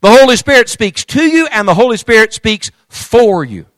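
A man preaching a sermon, moving between loud emphatic declarations and hushed, intimate storytelling, reading scripture aloud in old-fashioned wording. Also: extremely high pitch, very animated, moderate pace, no echo. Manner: reads scripture aloud in King James wording.

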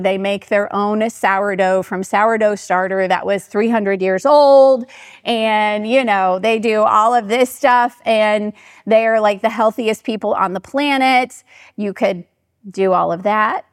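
In a clean, dry studio recording, a middle-aged woman speaks in a mid-range, unhurried voice. She's a pastor's wife sharing a lively, conversational story with her congregation and playing out the quoted lines of the people involved.

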